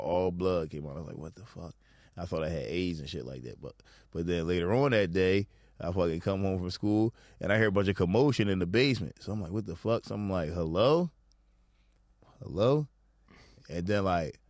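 A man in his thirties spins a story and voices everyone in it. His voice sits a bit low, and the sound is very dry and close. It feels like a studio mic. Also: no room sound. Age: 30s. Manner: animated storytelling with acted-out quotes. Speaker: podcast co-host. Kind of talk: casual chat.

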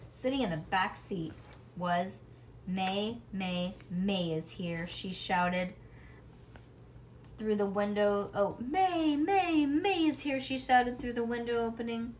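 A woman reading a children's storybook aloud to her child at home, with relaxed, chatty asides. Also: medium pitch, a little hiss or hum.

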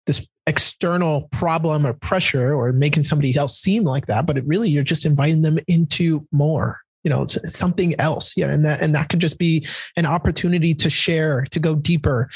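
A man's voice: fairly high pitch, steady tone, normal speed, vocal fry, few pauses, darkish tone, slightly rough, dry recording. A man hosting a podcast, reflective and self-deprecating, often answering with short affirmations. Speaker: podcast host. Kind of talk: conversational interview.

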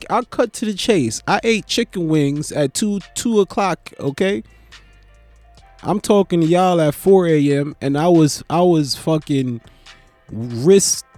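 A young male stand-up comedian rambles sleepily through a late-night casual monologue, swearing, yawning and poking fun at himself. His voice sits high and is slightly mellow, and the recording is dry.

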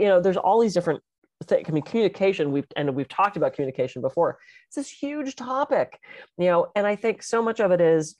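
A woman talking as a podcast co-host and speaker, animated and expressive as she tells stories in casual chat. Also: deep voice, dry recording, highs cut off.

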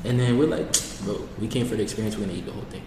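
A man's voice: fairly low pitch, racing, dark tone, slight background noise. A young man telling a story to friends in casual chat, laid-back and full of slang. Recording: echoey room, voice from far off.

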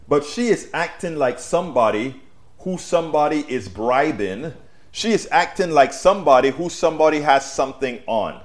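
A man hosting a live-streamed political talk show on a wireless mic, talking to viewers as folks and breaking into loud, emphatic outbursts. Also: fairly high pitch, unhurried. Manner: animated, addresses viewers as folks.

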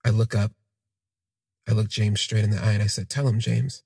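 A man telling a personal story in the first person, in a halting, reflective way that trails off and restarts. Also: lowish voice, monotone, a little mellow, husky, no echo, clean studio sound. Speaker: podcast storyteller.

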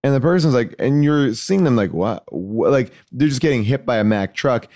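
A man telling a story as a podcast guest, animated and rambling, acting out voices as he goes. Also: mid-range voice, fairly quick, dry recording, clean studio sound. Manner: animated, acts out voices in his anecdotes; loose and rambling, many fillers and restarts. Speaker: podcast guest, actor and comedian. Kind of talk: casual storytelling chat.

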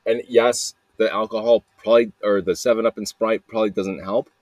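A man's voice: on the low side, fairly even intonation, fairly quick, a little mellow, no room sound. A man hosting a podcast, rambling through a personal monologue with frequent swearing and flashes of anger. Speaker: podcast host.

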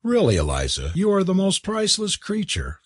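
A man reading a novel aloud and voicing a prim, impatient young woman, with a husky voice. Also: sits high, wildly swooping pitch, moderate pace, no echo, clean studio sound, voice pushed up, heavily acted. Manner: indignant, prim exclamations. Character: young well-bred woman, sharp and impatient. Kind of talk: audiobook character voice.

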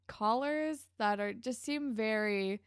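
A woman's voice: fairly high pitch, slow pace, smooth, no room sound, clean studio sound. A woman co-hosting a podcast, recapping a TV episode in casual, chatty talk full of "like" and the odd laugh and swear word. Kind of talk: casual chat.

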